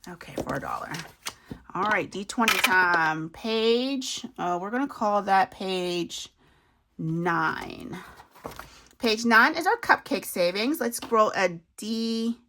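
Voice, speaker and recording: A woman's voice: medium pitch, animated, slow pace, pushed and bright, a little hiss or hum. A woman, chatting casually to viewers as she works through a savings challenge, laughing at herself as she goes. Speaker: budgeting video host.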